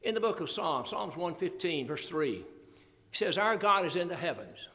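An older man delivers a sermon in a fairly high voice. He expounds scripture earnestly, with folksy asides between verses. His voice rings out with a long reverb, as in a hall. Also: animated, normal speed, pushed and bright. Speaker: preacher.

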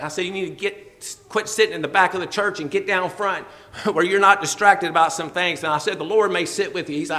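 A man's voice: high voice, pushed and bright, long reverb tail. A man preaching a sermon in a folksy way, laughing often as he quotes scripture. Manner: folksy, laughing often, quoting scripture in old-fashioned wording.

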